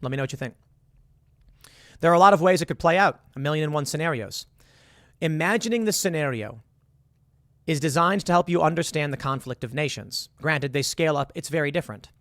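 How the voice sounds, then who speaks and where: Guy doing a commentary monologue, bit higher voice, lays out what-if scenarios, dead dry room. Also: animated, brisk, a bit bright, no echo. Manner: talks through hypotheticals in second person, rising to emphatic bursts. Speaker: political commentary host.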